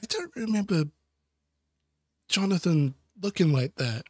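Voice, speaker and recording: A man reading a children's book aloud with deadpan, self-mocking asides. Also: high voice, measured pace, breathy edge, no room sound, clean studio sound. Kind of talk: sarcastic comedic book reading.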